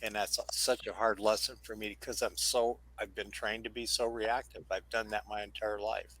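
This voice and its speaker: Sincere man with a low voice. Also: flat delivery, moderate pace, sharp tone, rough recording. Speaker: group discussion participant. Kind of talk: casual reflective sharing.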